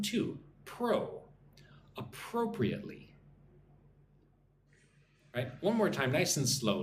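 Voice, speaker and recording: Guy doing a live english lesson, breaks words into syllables, says hi to chat, bit of hiss in the background. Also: mid-range voice. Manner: drills pronunciation syllable by syllable and greets chat viewers. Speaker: English teacher.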